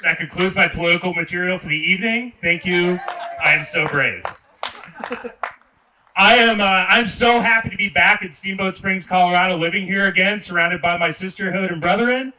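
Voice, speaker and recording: On an outdoor park stage, a Michigan man does stand-up with a handheld mic, sarcastically ribbing the crowd and speaking straight to them. His voice is high, pushed and bright, at a normal pace. The mic is distant, with faint background noise.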